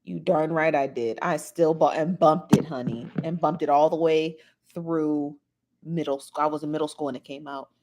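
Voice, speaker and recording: A woman's voice: low-pitched, fairly even intonation, moderate pace, darkish tone, slight background noise. A woman, chatting animatedly as a podcast co-host and laughing often. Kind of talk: casual chat.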